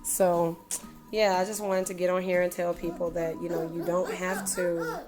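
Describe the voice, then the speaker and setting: A young mother talks in a loose, chatty way, filling her sentences with "you know" and repeating herself. Her voice sits a little low for a woman. She is recording casually at home. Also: level tone, normal speed, a crowd in the background. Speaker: mother vlogger. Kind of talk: casual parenting vlog. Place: at home indoors.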